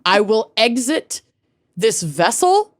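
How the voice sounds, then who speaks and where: Giggly, expressive woman podcast co-host. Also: on the high side, slow pace. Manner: giggly, expressive, swears freely. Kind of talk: casual chat.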